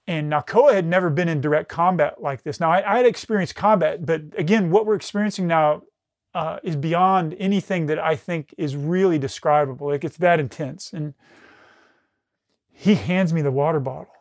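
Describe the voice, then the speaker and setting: Brief: middle-aged male veteran guest, pitched a touch high, dry close sound, intense and profane, lots of false starts. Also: moderate pace, no room sound. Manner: intense, heavy swearing, frequent restarts. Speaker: podcast guest, retired military rescue specialist. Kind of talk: recounting a combat story in casual conversation.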